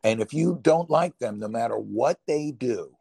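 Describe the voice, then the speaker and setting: A man with a Brooklyn accent chatting casually on a podcast, rambling and animated, laughing often and jumping up in pitch when excited. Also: moderate pace, crowd noise. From New York. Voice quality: gravelly, husky. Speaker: podcast co-host.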